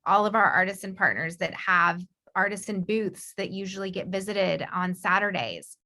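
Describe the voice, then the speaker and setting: A woman founder speaks on a video call panel with impassioned determination. Her voice is bright and sharp, with a gravelly fry running through it. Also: medium pitch, normal speed. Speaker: company founder, panel guest.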